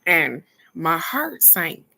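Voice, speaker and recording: A woman telling viewers a personal story in a casual, earnest way, pausing to reflect and speaking straight to her audience. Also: low voice, very animated, creaky, pushed and bright. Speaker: spiritual card-reading host.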